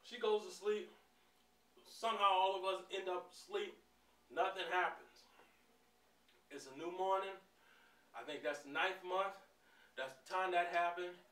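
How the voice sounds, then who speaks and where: Guy telling a wild story on his vlog, swears a lot, laughs a bunch, bit high and sharp, kinda echoey room. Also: measured pace, pauses often. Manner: animated, profane, laughing storyteller. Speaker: vlogger. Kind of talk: casual storytime while eating. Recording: roomy sound, mic at a distance.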